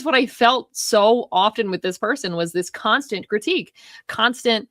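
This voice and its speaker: A woman's voice: medium pitch, moderate pace, fairly bright tone, no room sound, clean studio sound. A woman co-hosting a film talk show, venting in a rambling, heated way with lots of swearing. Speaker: podcast co-host. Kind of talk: casual film discussion.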